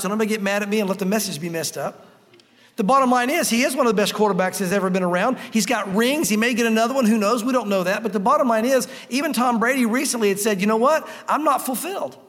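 A man preaching in a high, bright-pitched voice, hammering points home with repetition. His conversational sermon rings out with a long reverb tail, as in a large hall. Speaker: pastor.

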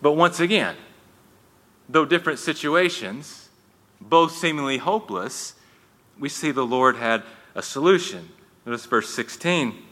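Male pastor, sharp and bright tone, casual sermon delivery with restarts, long hall reverb. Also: a little high, animated, unhurried. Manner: conversational, with frequent restarts and folksy asides.

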